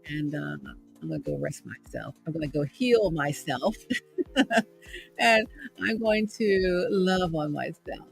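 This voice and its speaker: A woman talking from a room at home in the evening, with a gravelly edge to her voice. She encourages her listeners in an upbeat, repeating, preachy way, and faint music plays softly behind her. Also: low-pitched, animated, a little slow. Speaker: host and radio traffic reporter. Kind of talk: motivational livestream talk.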